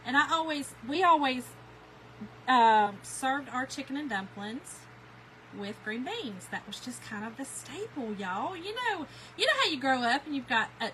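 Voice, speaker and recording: A middle-aged Southern woman from Kentucky talks casually to her livestream viewers, spinning folksy stories with plenty of slang. Her voice sits a little high and sounds bright. A faint hum of ambience runs underneath. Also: rough recording. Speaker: crafting livestream host. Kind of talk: casual chat reading live comments.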